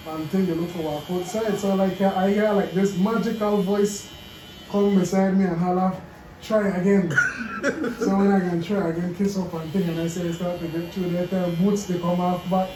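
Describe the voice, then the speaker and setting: Man spinning an animated story in a noisy barbershop. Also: high voice, recorded from a distance. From Belize. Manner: animated storytelling, laughing often. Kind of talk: casual chat. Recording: echoey room with background noise.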